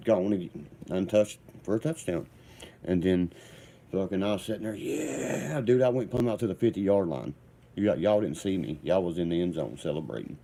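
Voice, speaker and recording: Man, low voice, very dark tone, profane, rambling. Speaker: vlogger. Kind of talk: heated rambling storytelling.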